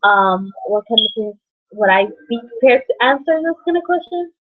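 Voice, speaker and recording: A young woman vlogging about her life and her book in a halting, rambling way, full of fillers and restarts. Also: on the high side, lively intonation, background noise. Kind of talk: rambling personal vlog. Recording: dull lo-fi audio.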